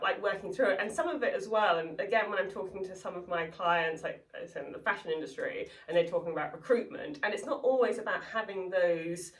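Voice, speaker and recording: A woman's voice: fairly low pitch, brisk, few pauses. Chatty woman in an echoey room. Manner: chatty, anecdotal, full of "like" and "you know". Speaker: private chef, guest. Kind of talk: casual interview chat. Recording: echoey room, far from mic.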